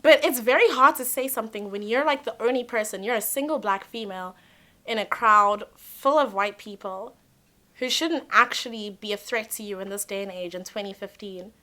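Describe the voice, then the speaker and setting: A young woman telling a personal story to camera, animated, blunt and emphatic, swearing at times. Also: medium pitch, normal speed. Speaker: vlogger.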